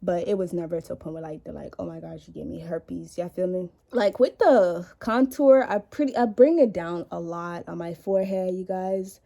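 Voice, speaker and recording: A beauty vlogger films herself at home on a camera in front of her, spinning a rambling, profane story during a casual makeup session. Her lowish, warm voice stays steady at a moderate pace with vocal fry and hardly any pauses, and her chatty talk is full of "like."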